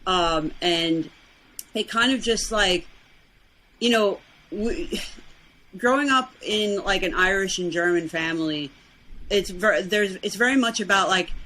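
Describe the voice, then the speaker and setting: Podcast guest: chatty Brooklyn woman, New York accent, rapid talker, faint noise floor. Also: fairly low pitch, a bit bright, low-quality recording. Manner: fast, chatty, laughs often. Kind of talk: casual interview chat.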